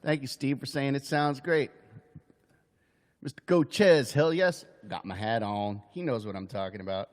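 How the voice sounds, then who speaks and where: A man's voice: mid-range voice, normal speed, in a large hall. A man livestreaming as a busker, singing and chatting loosely with his viewers, joking and swearing casually. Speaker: busker hosting a live stream. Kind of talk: live-streamed singing and chat with viewers. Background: his own acoustic guitar.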